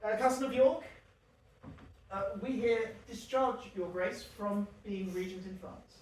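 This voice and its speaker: A man's voice: high-pitched, unhurried, a little hiss or hum. A man playing a flustered, giddy young king. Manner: hesitant, stumbling with uh's and laughs. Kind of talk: stage acting. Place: theatre stage. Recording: echoey theatre from far off.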